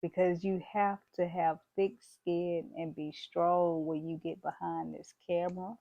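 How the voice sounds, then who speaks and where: A woman's voice: fairly low pitch, flat delivery, unhurried, creaky, no echo, lo-fi sound. A woman vlogging straight to her viewers in a bold, preachy, emphatic manner, dropping "y'all" and "baby" along the way. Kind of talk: casual motivational talk to camera.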